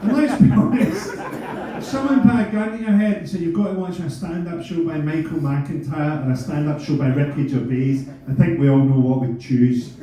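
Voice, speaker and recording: Scottish comic in his fifties, higher-pitched, deadpan and sardonic, caught from afar in a reverberant theatre with crowd laughter. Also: moderate pace. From Scotland. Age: 50s. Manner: sardonic, deadpan delivery with sudden shouted punchlines. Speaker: stand-up comedian. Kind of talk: stand-up comedy set. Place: large theatre stage before a laughing crowd. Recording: echoey distant theatre audio with audience noise.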